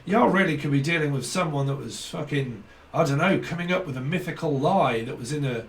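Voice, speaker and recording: Rambling, swearing man, a little high. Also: expressive, fairly quick, distant mic, slight background noise. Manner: rambling, profane, laughing often. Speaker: tarot reader. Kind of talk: casual channelled tarot reading.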